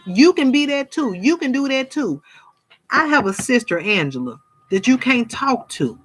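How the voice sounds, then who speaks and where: A woman's voice: a little high, very animated, normal speed. Fervent woman preaching to y'all. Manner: fervent, addresses viewers as y'all, mimics gossip. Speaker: spiritual vlogger. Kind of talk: casual preaching monologue to viewers.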